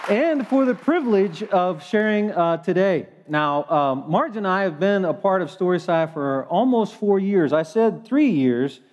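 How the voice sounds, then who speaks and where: A man's voice: high voice, lively intonation, unhurried, hardly any pauses, darkish tone, long reverb tail, some chatter behind. A man preaching a sermon in a church, folksy and full of hesitant fillers. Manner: folksy, with frequent fillers and restarts. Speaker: guest preacher.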